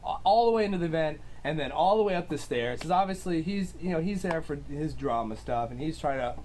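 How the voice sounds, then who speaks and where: A man's voice: a little high, expressive, fairly quick, a little mellow, slight background noise. Rambling man with lots of fillers. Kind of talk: casual storytelling.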